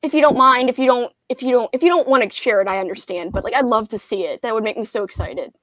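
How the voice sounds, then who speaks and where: Young woman host, chatty and giggly, higher voice, dry close sound. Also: quick pace, a bit bright, dry recording. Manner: chatty, giggly, reads viewer comments aloud. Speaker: booktube livestream host. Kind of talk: casual livestream chat.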